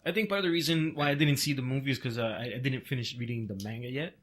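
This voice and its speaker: A man talking fast in casual podcast chat, pushing back and cutting in to argue his side. He speaks in short, insistent bursts. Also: medium pitch, fairly bright tone. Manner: argumentative, interjecting. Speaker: podcast co-host.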